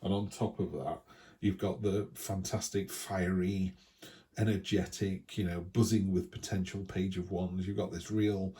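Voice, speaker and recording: Man, deep voice, mellow tone, chatty tarot reading, thinks aloud. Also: flat delivery, measured pace. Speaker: tarot reader.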